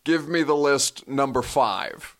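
A man's voice: mid-range voice, animated, slow pace, a bit bright. A man hosting a podcast from his home office, teasing his guest with mock outrage in casual chat. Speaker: podcast host.

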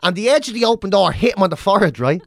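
A Dublin man in his forties spins a crude, animated yarn in casual chat, throwing on voices as he goes. His pitch swings widely, and the sound is dry and close. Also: very fast, creaky, no room sound. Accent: Dublin Irish. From Ireland. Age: 40s. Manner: profane, animated storyteller acting out voices.

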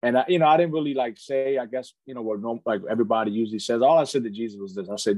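A man's voice: mid-range voice, fast, hardly any pauses, darkish tone, dry recording. Earnest man telling his life story. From United States. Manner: earnest, fills speech with "man" and "you know". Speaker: podcast guest. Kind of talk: candid storytelling in casual conversation.

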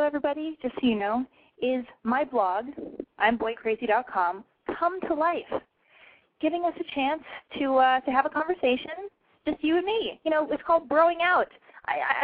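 A woman's voice: fairly high pitch, no echo. A young woman hosting a casual call-in radio show from home, talking in a brash, profane, self-mocking way. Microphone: home mic over a call-in line. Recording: dry, tinny phone-line sound.

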